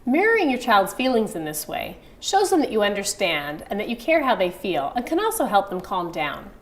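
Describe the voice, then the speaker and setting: Lively, expressive woman teaching. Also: mid-range voice, normal speed. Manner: demonstrative, acts out parent-child phrases with sweet sing-song emphasis. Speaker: baby sign language instructor. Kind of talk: friendly online video lesson.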